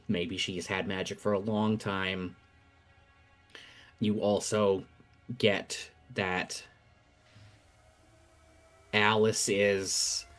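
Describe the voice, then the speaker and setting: A man running a tabletop game as game master, explaining rules and narrating in a measured way. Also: fairly low pitch. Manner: measured, thinking aloud.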